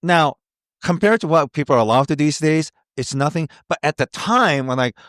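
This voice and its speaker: A man hosting a podcast, mostly giving short replies and telling his own memories in halting bits. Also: on the high side, animated, fairly bright tone, no echo, studio quality. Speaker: podcast host. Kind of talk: casual interview chat.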